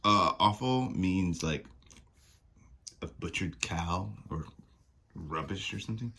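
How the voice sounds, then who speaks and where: A man's voice: sits low, slow, pauses often, sharp tone, husky. A man reading a comic aloud and adding joking, casual asides between the lines. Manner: joking asides, trailing off into mumbles. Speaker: comic reader.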